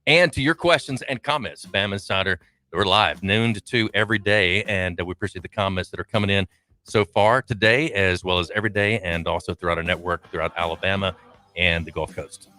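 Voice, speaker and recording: Southern guy hosting sports radio, real low voice but punchy and bright, easygoing joking. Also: a little fast. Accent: Southern American. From American South. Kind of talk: casual sports talk.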